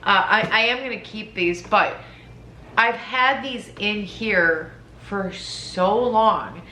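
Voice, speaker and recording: A woman's voice: mid-range voice, slow pace, pushed and bright. A woman vlogger chatting casually and hesitantly while she cleans at home, recorded in her house. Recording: echoey room, faint background hum.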